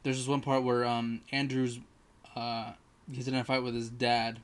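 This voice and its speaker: Rambling male movie reviewer, flat delivery. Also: medium pitch, moderate pace, smooth. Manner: rambling retelling full of fillers. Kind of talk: casual spoken movie review.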